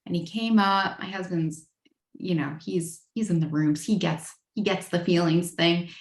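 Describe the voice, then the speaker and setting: A woman's voice: fairly low pitch, measured pace, echoey room. A woman in her thirties sharing her story at a recovery meeting, candid and frank with a self-deprecating edge. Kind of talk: personal share at a twelve-step meeting.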